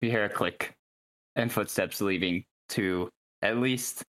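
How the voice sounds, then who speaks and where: A man narrating a tabletop game as game master, relaxed and descriptive. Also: on the low side, measured pace.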